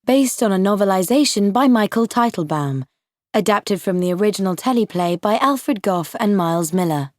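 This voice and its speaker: A woman narrating an audiobook for English learners, slow, clear and carefully paced. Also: mid-range voice, darkish tone, no echo, clean studio sound. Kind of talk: scripted narration of a graded reader.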